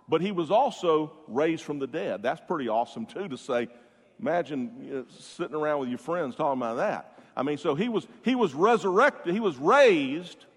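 A man's voice: a little high, very animated, normal speed, breathy edge, big-room sound. A man preaching a sermon as pastor, building to emphatic rises and stretching out key words, with frequent restarts.

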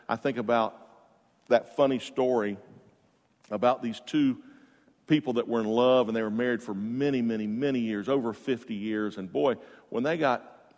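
A man preaching a sermon, telling stories with bursts of loud emphasis and quiet asides. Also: mid-range voice. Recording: long reverb of a large hall.

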